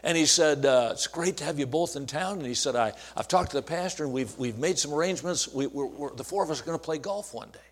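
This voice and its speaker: A man in his sixties, an evangelist, telling a personal story in a folksy, earnest way, with restarts and hushed asides. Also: on the high side, fast, few pauses. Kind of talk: storytelling sermon.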